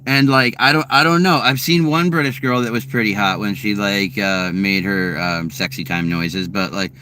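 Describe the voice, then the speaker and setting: At home, a streamer in his late thirties rambles casually while answering chat, meandering with lots of fillers and restarts and chuckling often. His fairly low voice is pushed and bright, with fairly even intonation and normal speed. A little hiss or hum is audible.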